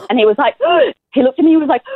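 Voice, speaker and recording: A woman's voice: sits high, no room sound. A woman in her thirties with an Australian accent, chatting casually as a podcast co-host and telling stories with laughs. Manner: chatty, animated storytelling with laughs. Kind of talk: casual chat. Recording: tinny phone-like line.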